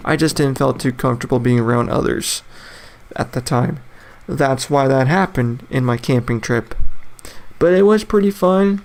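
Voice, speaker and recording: A man's voice: medium pitch, moderate pace, a little mellow. A young man in his twenties talks alone on his casual podcast. He rambles loosely, stacks up fillers and false starts, and laughs often between thoughts. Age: 20s. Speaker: podcast host. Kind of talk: casual solo podcast monologue.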